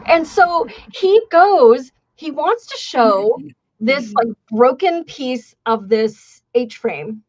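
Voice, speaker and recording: A woman's voice: a little high, darkish tone, highs cut off. A woman hosting a podcast, telling a story in a blunt, sarcastic and profane way. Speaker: podcast host. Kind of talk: casual storytelling.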